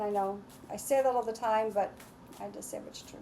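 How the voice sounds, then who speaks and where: A woman's voice: mid-range voice, fairly even intonation, a little fast, mellow, a little hiss or hum. A woman giving a casual, enthusiastic tarot and astrology reading, repeating her affirmations. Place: home with lawnmowers outside.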